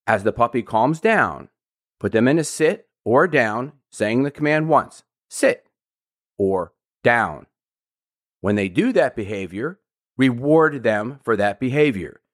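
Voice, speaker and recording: A man hosting a podcast, giving calm, repetitive step-by-step puppy training instructions. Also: mid-range voice.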